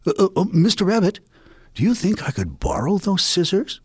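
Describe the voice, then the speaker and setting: A man's voice: high-pitched, wildly swooping pitch, normal speed, a little mellow, husky, dry recording, studio quality, pitched above the performer's own voice, exaggerated voice. A man playing a flustered, kindly basket weaver. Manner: flustered and apologetic.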